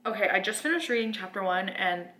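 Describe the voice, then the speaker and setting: A woman's voice: mid-range voice, quick pace. A young woman, gushing dramatically about a book in a casual reading vlog. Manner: gushing, dramatic, breathless with excitement. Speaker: book vlogger. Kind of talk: excitable reading vlog chat.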